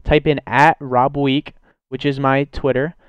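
A man's voice: mid-range voice, level tone, unhurried, clear, resonant tone, dry recording, dull audio. A young man hosting a gaming video, giving an upbeat, rambling intro and instructions. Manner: upbeat, rambling how-to chatter. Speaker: gaming YouTuber host.

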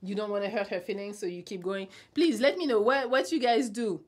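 A young adult woman hosts a casual live stream, reading viewer comments aloud and answering bluntly with teasing humor. Her mid-range voice is brisk, and she laughs often.

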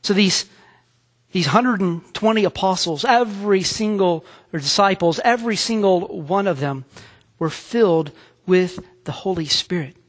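A man with a high voice preaches slowly from the pulpit, earnest and halting, circling back over his words before he moves on. His voice trails into a long reverb that fills the church sanctuary. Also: lively intonation. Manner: earnest, halting with repeated restarts. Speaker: pastor. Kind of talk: sermon.

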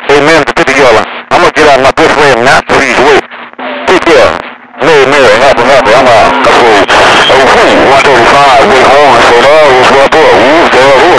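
A man's voice: mid-range voice, very noisy. A man on the CB radio who repeats himself and stammers as he calls out other drivers' handles. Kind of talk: CB radio chatter.

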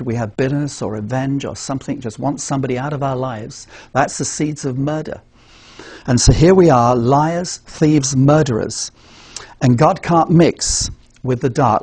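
A man's voice: mid-range voice, a little mellow, husky, dry recording. An English man demonstrating a gospel presentation, earnest, asking rhetorical questions and answering them himself. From England. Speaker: evangelism trainer.

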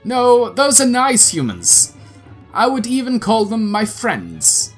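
Guy putting on a gruff demon general, fatherly and stately, bit of background music. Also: very high-pitched, wildly swooping pitch, takes it slowly, voice pushed up, heavily acted. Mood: solemn.

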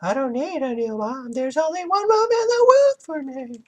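A man voicing a timid young girl haunted by her family's secrets, in a squeaky falsetto as he reads game text aloud. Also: animated, normal speed, fairly bright tone. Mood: sulky.

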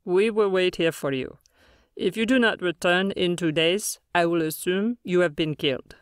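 A woman voicing a tall, solemn female alien leader who speaks slowly and formally in an audiobook. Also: on the low side, smooth, no room sound, clean studio sound, natural voice. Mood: grave. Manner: slow, grave and formal. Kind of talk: audiobook character voice.

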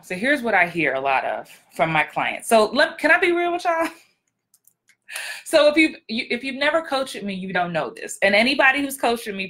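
Blunt, bright-voiced woman coach. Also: mid-range voice. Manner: very direct and blunt; frank, emphatic, repeats for effect. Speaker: acting coach. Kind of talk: motivational vlog talk.

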